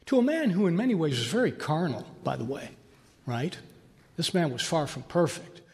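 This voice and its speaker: A man's voice: on the high side, very animated, normal speed, darkish tone, big-room sound. A man giving a conversational Bible teaching, emphatic and repeating key phrases. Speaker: preacher. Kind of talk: sermon teaching on Scripture.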